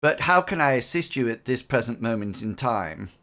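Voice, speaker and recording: A man voicing a prim, formal woman who clerks for a merchant guild, speaking politely and haltingly with ums. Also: mid-range voice, expressive, sharp tone.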